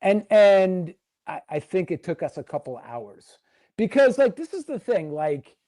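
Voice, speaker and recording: A man's voice: high-pitched, big pitch swings, unhurried, dark tone, no room sound. A man as a podcast guest, telling a long backstage story in a rambling, filler-heavy way and acting out what others said. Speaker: podcast guest, former wrestling writer. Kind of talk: casual storytelling interview.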